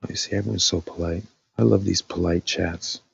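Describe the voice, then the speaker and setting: A man's voice: low voice, fairly even intonation, brisk, gravelly, slightly rough, dull audio. A man hosting a casual live stream, thinking aloud with lots of fillers, his voice dry after talking all night.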